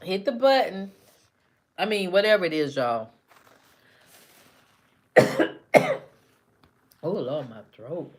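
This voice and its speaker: A woman's voice: on the low side, sing-song, slow pace, long pauses, husky. A woman hosting a casual live stream, talking back to her chat commenters by name with teasing, repetitive banter.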